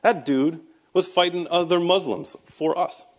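A man's voice: high voice, a little slow. A man, a Christian speaker, giving a personal testimony sermon in a conversational storytelling way, with sarcastic asides and emphatic bursts. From United States. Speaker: Christian speaker and army veteran.

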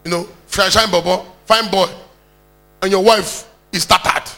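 A man's voice: high-pitched, fairly even intonation, measured pace, pushed and bright. A Nigerian man preaching a sermon, exhorting the congregation and calling out for hallelujahs.

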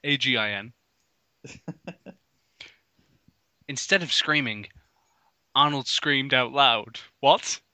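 A man's voice: mid-range voice, takes it slowly, pauses often, no room sound. Man reading fan fiction aloud, mocking it. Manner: bursts into loud exaggerated outbursts, mocks spelling. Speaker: comedy reader of fan fiction. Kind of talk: mock dramatic reading with commentary.

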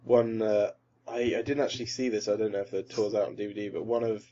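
A man's voice: fairly low pitch, fast. Grumbling man on a lo-fi podcast. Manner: animated, grumbling, bursts into loud mock voices. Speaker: podcast co-host. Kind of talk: casual comedy chat. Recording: dull lo-fi podcast audio.

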